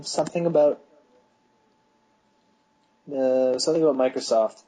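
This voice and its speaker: A man's voice: medium pitch, moderate pace, dark tone, slightly rough, rough recording. A young man co-hosting a podcast, rambling through school stories and laughing at his own anecdotes, with a voice that cracks. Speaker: podcast co-host. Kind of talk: casual chat.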